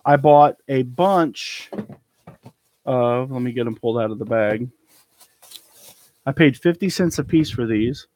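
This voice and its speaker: A man's voice: medium pitch, a little slow, long pauses, a little mellow. Chatty man showing off his thrift haul. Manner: chatty, rambling, trails off with ums. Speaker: eBay reseller showing a haul. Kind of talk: casual live haul chat. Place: cluttered storage room indoors.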